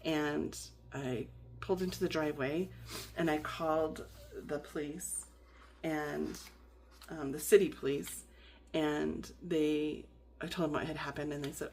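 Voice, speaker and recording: A woman's voice: low-pitched, fairly even intonation, measured pace, a little mellow. A woman vlogger chatting in a rambling way with lots of fillers and restarts while she decorates her planner. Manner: rambling, many fillers and restarts, laughs often.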